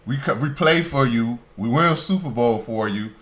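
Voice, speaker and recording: A man's voice: mid-range voice, animated, moderate pace, fairly bright tone. A man hosting a sports talk radio show, delivering an opinionated monologue that turns emphatic and indignant. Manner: emphatic, rising to heated indignation.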